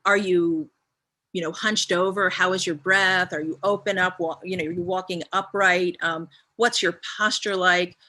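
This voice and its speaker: Bright-toned woman guiding a visualization. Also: on the low side. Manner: asks a long string of reflective questions with frequent ums. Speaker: guest speaker. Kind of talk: guided visualization talk on a live stream.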